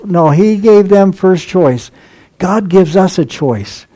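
A man's voice: high voice, dark tone, rough recording. A man preaching a sermon, reading scripture aloud and commenting on it, chuckling at times at the humor in the text.

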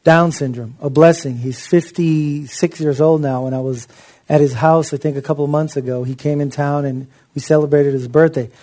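Mellow-voiced man preaching conversationally. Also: on the high side, fairly even intonation, normal speed. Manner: impassioned, conversational preaching with asides. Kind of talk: sermon.

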